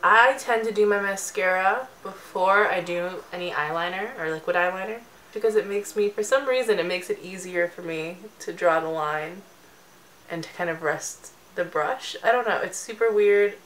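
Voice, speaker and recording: A woman's voice: fairly low pitch, normal speed, a bit bright, a little hiss or hum, rough recording. A young woman giving a chatty, jokey makeup tutorial as a beauty vlogger.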